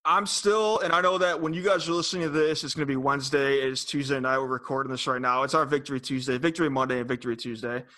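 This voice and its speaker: A man co-hosting a podcast, teasing and excitable in casual chat. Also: mid-range voice, fast talker, few pauses. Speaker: podcast co-host.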